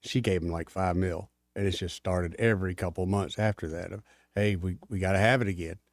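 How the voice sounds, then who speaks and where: A man's voice: low voice, fairly even intonation, a little fast, no echo, studio quality. A man co-hosting a talk radio show, giving blunt, opinionated takes in a casual chat. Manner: blunt, opinionated, laughs easily. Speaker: radio co-host. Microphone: studio microphone.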